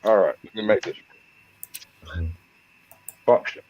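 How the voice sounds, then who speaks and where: A man's voice: on the low side, slow pace, a little mellow. A man chatting casually on a live stream call, easygoing and chatty, telling stories with plenty of fillers. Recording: dull lo-fi dry sound.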